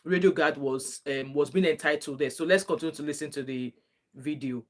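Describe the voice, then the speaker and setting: A woman with a low voice talks a little fast as a reaction vlogger, giving casual commentary on a clip she's playing. She's chatty and opinionated and greets her viewers.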